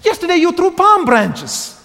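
A vain young donkey, high-pitched and indignant, demanding to be noticed, as a preacher puts him on. The lines swoop in lively bursts inside a long-echoing hall. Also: male voice, unhurried, gravelly, heavily acted. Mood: shouting. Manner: cross, demanding shouts.

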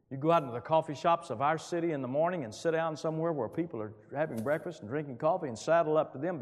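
Emphatic preacher in a reverberant hall. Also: male voice, darkish tone. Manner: emphatic, booming rises on quoted scripture. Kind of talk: sermon.

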